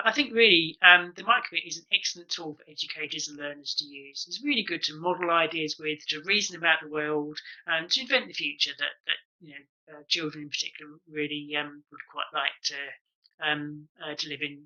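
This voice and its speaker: A man's voice: fairly high pitch, steady tone, fairly quick, bright, forceful tone, rough recording. A man giving an online conference presentation over a video call, explaining projects with lots of ums and uhs. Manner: explanatory, filler-heavy with many ums and uhs.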